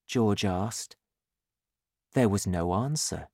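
A woman narrating a children's storybook in a slow, clear, expressive reading. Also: a bass voice, no echo, studio quality.

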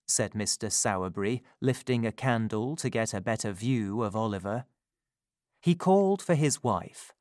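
A man reading a classic story aloud in a calm, measured narration. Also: on the low side, dry recording, studio quality.

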